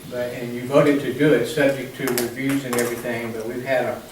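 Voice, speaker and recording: A man calmly laying out business prospects and deals in a formal meeting, explaining each item step by step. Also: mid-range voice, fairly quick. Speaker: development staff presenting prospects. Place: large meeting room. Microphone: distant room mic. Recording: echoey room from far off, faint noise.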